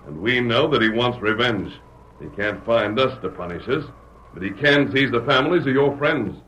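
An actor playing a calm, firm frontier hero who gives steady orders. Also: male voice, medium pitch, moderate pace, muffled recording, lightly acted. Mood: resolute. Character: masked frontier hero, man, calm leader. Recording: echoey old radio broadcast, faint hiss.

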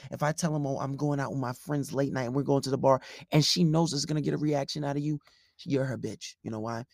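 A man's voice: fairly low pitch, creaky, breathy edge, dry recording, studio quality. A man hosting a podcast, delivering a dating-advice monologue in a preachy, emphatic, profane way, repeating his points. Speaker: podcast host.

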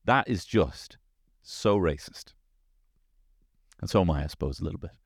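Low-voiced Dublin man telling comic stories. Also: moderate pace, vocal fry, breathy edge, no room sound, studio quality. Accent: Dublin Irish. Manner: animated storytelling, swears freely, lots of tag questions. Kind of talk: casual comic monologue.

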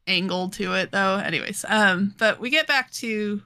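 A woman's voice: medium pitch, sharp tone. A young woman co-hosting a podcast, recapping a manga in casual chat, laughing often and acting out the characters' lines. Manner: giggly, acts out characters' lines in quick voices. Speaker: podcast co-host.

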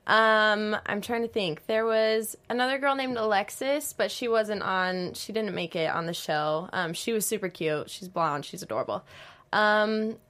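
A woman's voice: mid-range voice, a little slow, fairly bright tone. A young woman, a dancer, chatting as a guest in an interview, bubbly and giggly. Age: young adult. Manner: bubbly, giggly storyteller with lots of "like". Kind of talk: casual interview chat.

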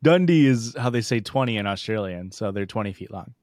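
A man's voice: on the low side, expressive, a little fast, darkish tone, no echo, clean studio sound. A man co-hosting a podcast, trading jokes and laughing often in casual banter. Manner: joking, riffing, laughs often. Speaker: podcast co-host.

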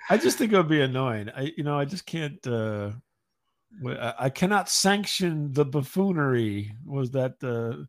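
A man co-hosting a podcast, speaking haltingly with many fillers and dry wit. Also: mid-range voice, lively intonation. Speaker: podcast co-host. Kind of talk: casual chat.

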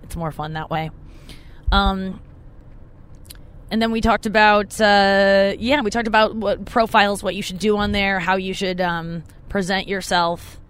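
A woman's voice: fairly low pitch, slight background noise. Rambling, chatty woman podcast host. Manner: rambling, chatty, frequent swearing. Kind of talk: casual monologue.

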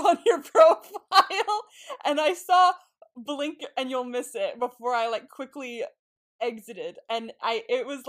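A woman co-hosts a podcast, chatting casually in an excitable way. Her voice is on the high side, and she laughs a lot and swears offhandedly.

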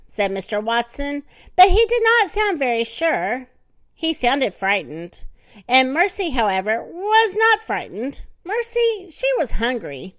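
A woman reading a children's story aloud in an expressive, animated manner with dramatic pauses. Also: high-pitched, no echo, clean studio sound.

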